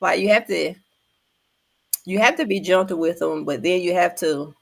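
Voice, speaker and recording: Older woman, gravelly and low, animated storyteller on a chat podcast. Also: normal speed. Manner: animated storytelling with voiced quotes. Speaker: panelist. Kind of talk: casual chat.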